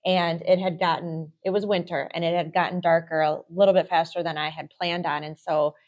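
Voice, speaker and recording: A woman's voice: on the low side, level tone, a little fast, highs cut off. A middle-aged woman co-hosting a real estate podcast, telling candid, self-deprecating stories in casual chat.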